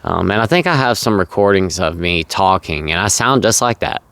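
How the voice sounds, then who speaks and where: A man's voice: sits low, expressive, moderate pace, vocal fry, fairly bright tone, no room sound. A man vlogging candidly about his own past, earnest and confessional, repeating words for emphasis. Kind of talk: confessional personal storytelling.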